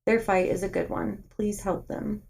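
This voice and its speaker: A woman's voice: mid-range voice, fairly even intonation, normal speed, gravelly, darkish tone, slight background noise. A woman reading as a pleading young girl.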